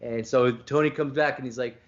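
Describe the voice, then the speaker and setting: A man's voice: medium pitch, steady tone, a little fast, muffled recording. A man hosting a podcast, telling a rambling, profane story in casual chat over a video call. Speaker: podcast host.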